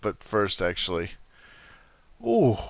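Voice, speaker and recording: A man's voice: on the low side, huge pitch swings, slow, gravelly, no echo. A man hosting a game let's play, with chatty, self-correcting asides. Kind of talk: casual gameplay commentary.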